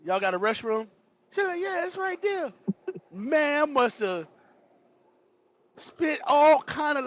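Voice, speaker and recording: A man whose voice sits high hosts a livestream and entertains his chat with a funny story from childhood, full of laughter and cursing. His telling is animated and profane. The audio comes across as dull.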